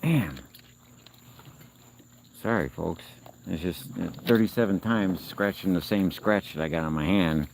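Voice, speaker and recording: A man's voice: low voice, moderate pace, vocal fry, poor audio. A man hosting a casual live stream outdoors, chatting and coaxing and scolding animals around him. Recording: outdoor noise with crickets.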